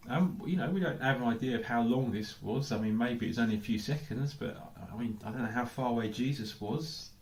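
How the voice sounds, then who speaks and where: An English pastor with a mid-range voice delivers a sermon briskly, with few pauses. He thinks aloud, asking lots of questions and repeatedly saying "I don't know." The recording picks up the echo of the church hall he's speaking in.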